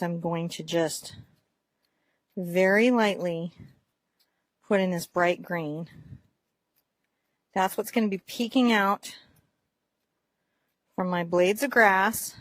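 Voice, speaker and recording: A woman teaching a painting lesson in a gentle, encouraging way, describing each brushstroke as she works. Her voice sits at a middle pitch and is recorded dry and close, with no room sound. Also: dry recording. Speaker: art teacher.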